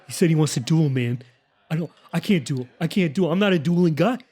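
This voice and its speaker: A man's voice: fairly high pitch, expressive, fairly quick, darkish tone, breathy edge, faint music behind. A man voicing a nervous young male noble who stammers and talks in laid-back slang. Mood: anxious.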